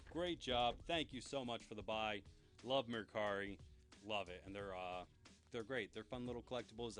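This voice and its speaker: On his casual solo pop culture news show, a young host rambles enthusiastically. He speaks with a lowish, slightly bright voice.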